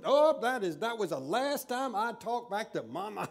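A man preaching a sermon, reading scripture aloud and retelling it with expressive storytelling. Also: high-pitched, normal speed.

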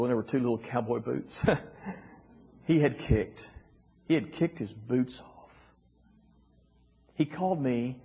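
A middle-aged man with a husky voice, telling a heartfelt personal story as a guest speaker, his voice dropping soft at emotional moments. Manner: emotional, voice dropping soft and rising high in quoted lines. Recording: long hall reverb.

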